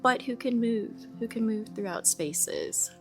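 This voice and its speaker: A woman, an early childhood educator speaking as a guest in a podcast interview, calm, measured and reassuring. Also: on the high side, faint music behind.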